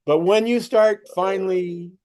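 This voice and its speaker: A man's voice: high voice, fairly even intonation, unhurried, a little mellow, clean tone. A middle-aged man, a spiritual teacher, talking in a rambling conversational way and acting out quoted voices as he explains.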